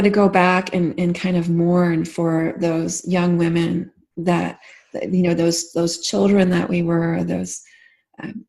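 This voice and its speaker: A woman with a low-set, gravelly voice talks as an interview guest. Her speech is gentle and halting, full of restarts and soft fillers. She slows down when she voices tender inner thoughts. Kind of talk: reflective interview talk.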